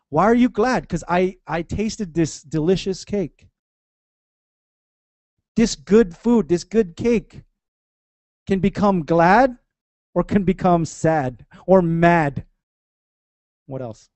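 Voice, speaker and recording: A man with a high, light voice delivers a sermon in a lively, conversational way. He mixes earnest points with playful asides, recorded close and dry with little room sound. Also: dry recording. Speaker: pastor. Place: church.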